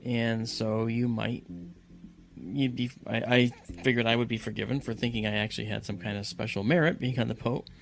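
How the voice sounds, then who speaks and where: A man's voice: medium pitch, little pitch movement, creaky. A man telling a personal story dramatically, acting out the voices of the people in it, with many fillers and restarts. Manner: acts out voices in quotes, halting with fillers.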